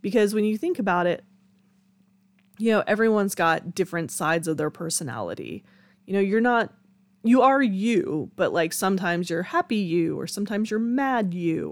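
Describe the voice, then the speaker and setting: A woman's voice: mid-range voice, sing-song, moderate pace, dry recording. A young woman hosting her own podcast, chatting candidly with frequent laughs and casual swearing. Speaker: podcast host. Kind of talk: casual solo podcast chat.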